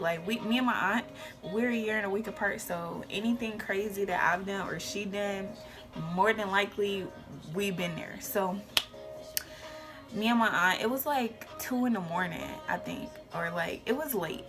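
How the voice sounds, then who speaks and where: Animated young woman telling a story. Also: medium pitch, moderate pace, over music. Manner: animated storytelling with whispered asides and shouted quotes. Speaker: vlogger. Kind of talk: casual storytime.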